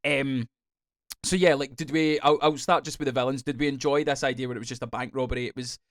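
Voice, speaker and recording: A Scottish man chatting on a podcast, rambling and lively and swearing as he goes. His voice sits at a middle pitch. The sound is dry and close, with no room around it. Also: fast, no room sound. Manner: rambling, animated, swears freely. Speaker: podcast co-host. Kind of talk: casual chat.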